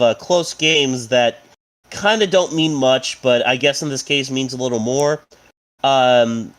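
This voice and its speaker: A young man cohosting a casual sports podcast, joking and rambling with lots of fillers. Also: medium pitch. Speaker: podcast co-host.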